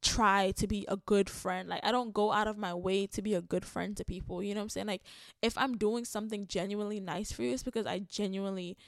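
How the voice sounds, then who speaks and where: A woman's voice: mid-range voice, fairly even intonation, a little fast, gravelly, dry recording. Rambling Jamaican woman, dry close sound. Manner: rambling, candid, frequent profanity and laughter. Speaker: podcast host. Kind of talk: casual solo podcast monologue.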